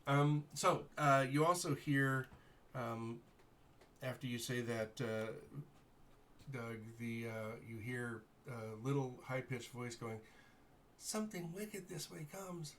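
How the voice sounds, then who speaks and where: A man acting as game master, guiding players through an online tabletop session and muttering to himself while he sorts out glitchy software. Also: mid-range voice, fairly even intonation, slow, a little hiss or hum.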